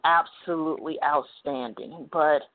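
A woman's voice: deep voice, measured pace. Midwest-raised woman hosting a call-in talk show; rambling, filler-heavy storyteller; thin phone-quality audio. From Midwest United States. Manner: chatty, digressive, many "you know" fillers. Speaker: talk radio host. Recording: phone-like narrow band.

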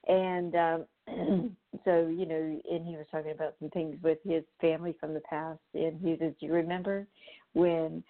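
A woman's voice: deep voice, flat delivery, normal speed. A woman hosting a show, talking casually in a rambling way with lots of fillers and restarts. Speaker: show host. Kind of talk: casual spoken monologue. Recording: tinny phone-line sound.

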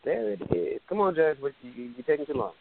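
A man's voice: a little high, expressive, fast talker, vocal fry. A man hosting a casual online radio show, bossy and teasing, laughing easily, heard over a phone line. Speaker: show host. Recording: tinny phone line, dry.

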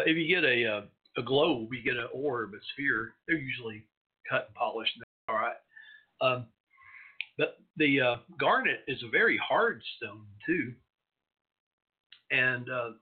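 A man's voice: medium pitch, slightly rough. A man hosting an internet radio show, chatting in a rambling, digressive way with lots of fillers. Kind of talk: casual solo radio talk. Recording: tinny phone-line audio.

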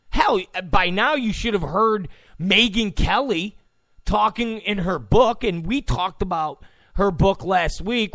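A man's voice: high voice, a bit bright, no echo. A man hosting his own podcast, delivering a profane, combative and mocking rant. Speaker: podcast host. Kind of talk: ranting monologue.

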